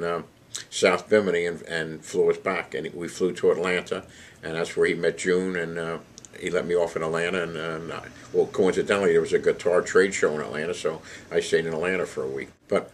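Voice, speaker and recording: An older man telling a casual spoken anecdote, rambling with fillers and self-corrections. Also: sits low. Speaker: storyteller recalling past trips.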